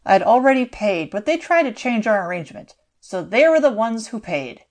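A woman's voice: fairly high pitch, sing-song, moderate pace. A woman voicing a cold, mocking male lord villain in an audiobook, with a cool, sneering manner. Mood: disappointed.

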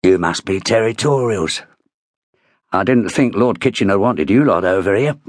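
A male narrator playing a gruff, scornful army sergeant who talks in a blunt, coarse growl. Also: on the low side, expressive, normal speed, dry recording, studio quality.

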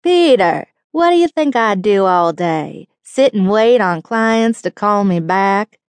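A woman's voice: medium pitch, animated, slow, smooth, dry recording. A woman voicing a laid-back male booking agent with a Texas drawl and a wry, teasing manner, in an audiobook reading.

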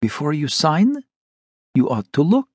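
A calm, indifferent town secretary, read by a male narrator in an audiobook. He lectures in an unhurried, dry manner, a little higher than the narration, with lively phrasing. The sound is close and dry. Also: slightly rough, dry recording, full character voice. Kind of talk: audiobook character reading.

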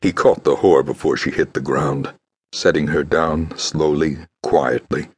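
A man reading an audiobook in a measured, grave storytelling manner. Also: very deep voice, fairly even intonation. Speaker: audiobook narrator. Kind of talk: scripted narration.

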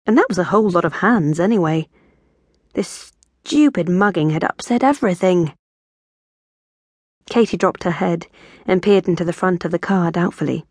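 Low-voiced woman reading an audiobook. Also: normal speed, pauses often, a little mellow, breathy edge, dry recording, studio quality. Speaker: audiobook narrator. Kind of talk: scripted audiobook narration.

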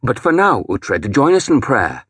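A man voicing a nervous older priest who speaks in a hushed hiss. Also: medium pitch, very animated, unhurried, slightly rough, dry recording, pitched above the performer's own voice, exaggerated voice. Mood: insisting. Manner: hissing, nervous. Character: anxious older male priest, hushed and pleading.

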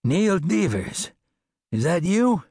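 A man's voice: sits high, big pitch swings, mellow, breathy edge, no echo, studio quality, pitched above the performer's own voice, full character voice. A man voicing a wily wounded male outlaw in an audiobook western, faking a weakened voice. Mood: wheedling. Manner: feigning weakness, slow.

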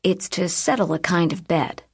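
A woman's voice: lowish voice, moderate pace, creaky, breathy edge. A woman voicing a tall, somber teenage boy who talks politely but gives firm commands.

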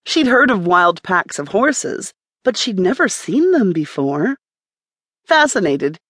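A woman narrating a romance audiobook in a measured, even storytelling manner. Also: on the low side, no room sound, clean studio sound.

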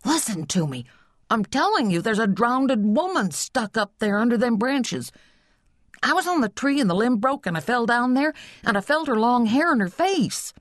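A woman voicing an excited, frantic little boy who talks breathlessly and insistently in an audiobook. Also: a little high, moderate pace, no echo, clean studio sound, pitched above the performer's own voice.

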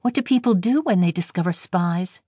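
A woman's voice: fairly low pitch, animated, moderate pace, breathy edge, no echo, studio quality. A woman playing a shy anxious young girl. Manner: soft, anxious, earnest.

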